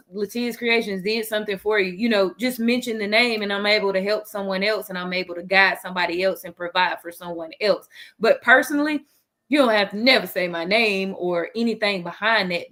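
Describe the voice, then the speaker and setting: A woman's voice: mid-range voice, fairly bright tone. A woman speaking earnestly on a radio talk panel, rambling with many fillers as she explains her views. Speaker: panelist, runs a charity dress program.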